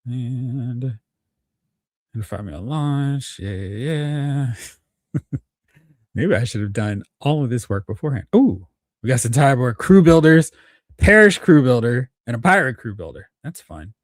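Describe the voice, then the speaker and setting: A man's voice: mid-range voice, animated, unhurried, no echo, clean studio sound. A man hosting a live stream, chatting casually, thinking aloud and reading out viewer comments. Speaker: host.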